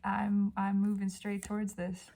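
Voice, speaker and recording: A woman doing an intuitive tarot reading at home, gushing and dreamy, often dropping into soft whispers. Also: medium pitch, completely flat delivery, measured pace, slight background noise. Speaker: tarot reader. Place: home by a balcony.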